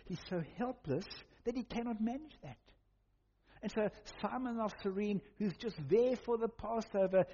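A man preaching a sermon, dramatic, with slow emphatic pauses. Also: sits high, mellow, a little hiss or hum. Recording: muffled sound in a reverberant hall.

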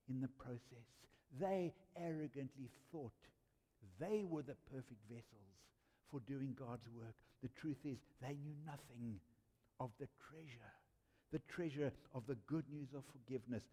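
A man preaching a sermon, telling stories earnestly and emphatically with dramatic pauses. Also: a little high, dark tone. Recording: long hall reverb.

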